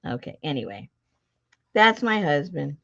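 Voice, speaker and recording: A woman's voice: sits low, a little slow, creaky. A middle-aged woman telling a story to a casual chat audience, laughing often. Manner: chatty, laughs often, animated retelling. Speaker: host. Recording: dull lo-fi sound.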